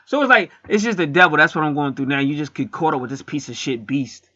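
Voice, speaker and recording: A man retells a film and preaches in a casual, rambling way. He is emphatic and swears freely, in a bright, forward voice. The recording is dry and dull. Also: a little high, fast talker, no echo. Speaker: spiritual vlogger.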